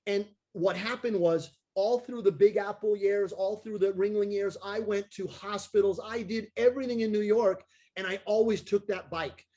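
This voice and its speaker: A man, a circus clown and daredevil, telling an animated story on a video call and acting out the voices of the people in it. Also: high voice, moderate pace. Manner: excitable, acts out voices of people in his stories.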